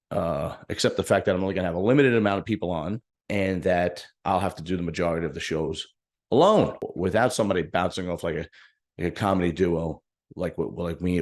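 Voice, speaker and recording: A man's voice: low-pitched, a little mellow. A man hosting his own bodybuilding show, talking candidly and at length to viewers, rambling and restarting as he reflects. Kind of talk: casual solo talk to viewers.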